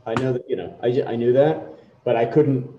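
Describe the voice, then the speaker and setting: Middle-aged male exec, casual rambling talker, mellow tone, roomy muffled recording. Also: mid-range voice, steady tone, moderate pace, a little hiss or hum. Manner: rambling, self-interrupting storytelling. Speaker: company CEO giving a software demo. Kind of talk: casual chat. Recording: echoey, dull lo-fi room sound.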